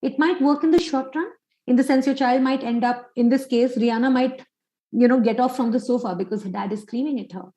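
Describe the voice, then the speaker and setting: A woman's voice: high-pitched, brisk, dark tone, roomy sound, rough recording. A woman psychologist giving an online parenting workshop, quizzing listeners with many questions.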